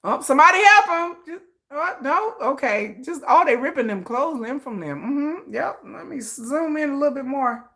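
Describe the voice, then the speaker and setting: High, lively woman riffing with laughter. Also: moderate pace. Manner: animated storytelling, acts out shouts and screams, laughs often. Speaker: commentary host. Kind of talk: comedic riffing commentary.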